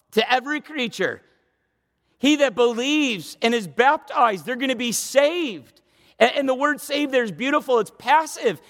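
High-voiced preacher in a reverberant hall. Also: male voice, fairly bright tone. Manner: emphatic, repetitive preaching, swings from fast asides to slow proclaiming. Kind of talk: sermon.

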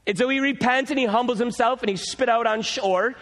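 A man preaching a sermon as pastor, telling a story with animated energy. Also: very high-pitched, moderate pace. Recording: long hall reverb.

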